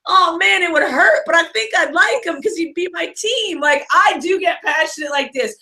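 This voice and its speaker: Co-host: excitable woman, New York accent, bright and high, loud when worked up. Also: normal speed. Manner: excitable, gets loud and riled up. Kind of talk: casual sports chat.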